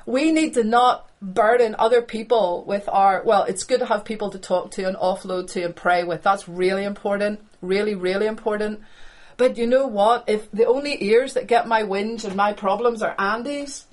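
A middle-aged woman preaching a sermon with passion, repeating phrases for emphasis and moving between hushed, low passages and loud, lifted cries. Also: normal speed.

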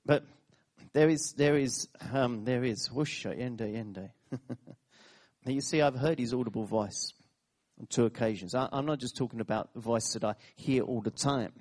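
A male preacher delivering a sermon in an animated storytelling way. He laughs between points, repeats phrases for emphasis and sometimes jumps up loudly in pitch. His voice sits at an average pitch for a man. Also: moderate pace.

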